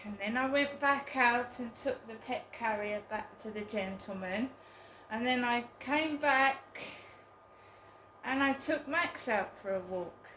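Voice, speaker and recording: A woman's voice: fairly high pitch, bright, forceful tone, roomy sound, a little hiss or hum, poor audio. A woman telling a story in a casual vlog, hesitant and full of ums. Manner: slow, hesitant, with many ums. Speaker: vlogger.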